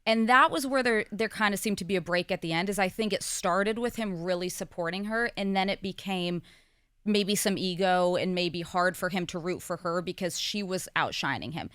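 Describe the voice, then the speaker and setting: Articulate woman, clear close voice. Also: lowish voice, a bit bright, dry recording. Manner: candid and quick, with frequent laughs and fillers. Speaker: co-host and guest. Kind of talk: casual podcast conversation.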